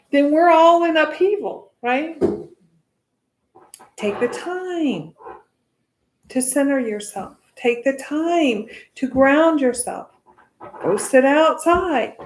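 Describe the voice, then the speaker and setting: Chatty high-voiced American meditation teacher. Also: female voice, reverberant. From United States. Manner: chatty, often adds "right?". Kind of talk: casual spoken teaching.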